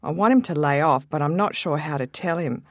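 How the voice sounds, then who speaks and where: A woman with an Australian accent performing a scripted dialogue for language learners, talking clearly and earnestly. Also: low-pitched, a little fast, dry recording. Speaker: textbook dialogue speaker.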